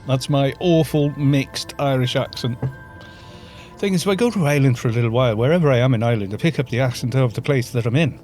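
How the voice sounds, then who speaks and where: A man's voice: mid-range voice, quick pace, a little mellow, faint music behind. A man with a Welsh accent casually explaining game tactics to his live-stream chat. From Wales.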